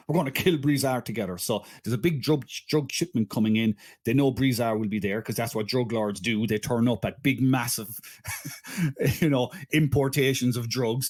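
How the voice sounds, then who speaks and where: A man hosting a casual comedy podcast, rambling through a film plot with restarts and asides. His voice sits at a middling pitch, easy and conversational, with chatty self-interruptions. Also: darkish tone. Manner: rambling, stumbling restarts, frequent laughter. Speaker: podcast host.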